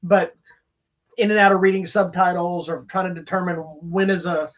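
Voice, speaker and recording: This man co-hosts a podcast where he reviews movies, talking in a casual, enthusiastic ramble full of restarts. He has a high voice with a level tone and speaks at a moderate pace. The sound is slightly dull and lo-fi.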